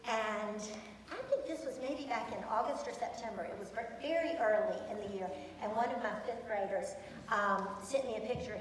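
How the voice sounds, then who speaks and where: A woman's voice: on the high side, slight background noise. A woman teacher presenting to students, chatty and enthusiastic, with many ums. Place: large echoey school hall. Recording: echoey hall from far off.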